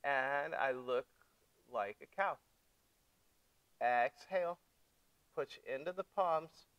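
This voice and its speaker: A man teaching a yoga class, giving gentle step-by-step cues for breath and poses, playful with his young students. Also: medium pitch, slow pace, no room sound, low-quality recording. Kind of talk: guided yoga class instruction.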